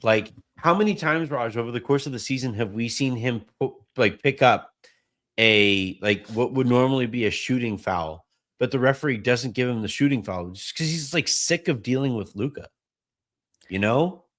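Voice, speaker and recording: A man's voice: mid-range voice, normal speed, a bit bright. A man with a mid-range voice co-hosts a casual sports podcast. He talks emphatically and rambles, piling on stories to make his point. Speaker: podcast co-host. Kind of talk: casual sports recap chat.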